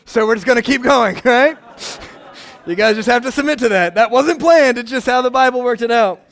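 A pastor preaching a casual, animated sermon, often checking in with his listeners. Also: very high voice, brisk. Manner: conversational, animated, frequent "right?" asides.

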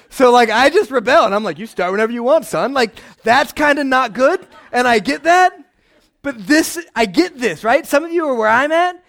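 A pastor preaching a casual, animated sermon, often checking in with his listeners. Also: very high-pitched. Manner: conversational, animated, frequent "right?" asides.

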